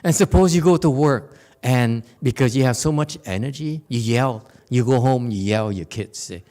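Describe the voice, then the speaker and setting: A man's voice: medium pitch, moderate pace, warm tone. A man giving an informal Dharma lecture in a temple hall, playful and teasing, laughing often and checking in with "okay?".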